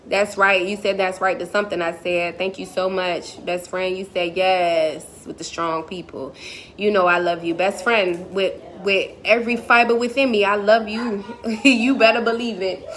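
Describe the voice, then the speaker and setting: A woman's voice: medium pitch, a bit bright, slight background noise. A woman motivational speaker on a live stream, talking emphatically and repetitively in a preacherly way.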